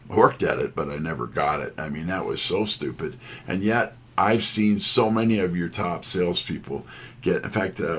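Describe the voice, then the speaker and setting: A man's voice: low-pitched, vocal fry, a little hiss or hum. A middle-aged man, a sales trainer, telling folksy, self-deprecating stories from his career. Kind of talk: storytelling talk.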